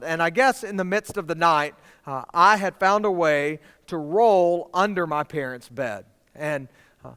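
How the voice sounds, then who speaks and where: A man's voice: high voice, bright, forceful tone, smooth. A young man preaching to students, telling a personal story in a casual way full of "y'all" and "like". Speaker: youth pastor. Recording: hall reverb from a large room.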